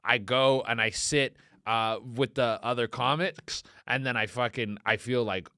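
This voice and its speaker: A man's voice: mid-range voice, measured pace, hardly any pauses, bright, forceful tone, clear, resonant tone, no echo, clean studio sound. A male comedian and podcast host telling a rambling, profane story, laughing as he goes and acting out the voices of people in it. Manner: acts out quoted voices. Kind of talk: casual comedic storytelling monologue.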